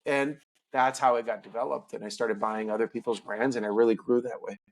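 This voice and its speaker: A middle-aged man tells a long personal story as a podcast guest. He is animated and acts out the dialogue from his story. His voice sits at a middle pitch for a man. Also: brisk. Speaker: podcast guest, business owner. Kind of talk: storytelling in a casual interview.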